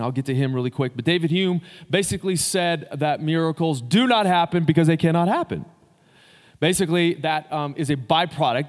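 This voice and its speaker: A man preaching a sermon in a loose, conversational way, with fillers and restarts, addressing his congregation. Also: mid-range voice. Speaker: pastor. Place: church sanctuary. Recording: long hall reverb.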